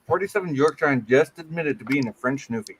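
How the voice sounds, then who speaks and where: A man's voice: medium pitch, lively intonation, a little fast, noisy background. A man who is a guest on a casual livestream chat, teasing the others and swearing freely. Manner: crude, teasing, swears a lot.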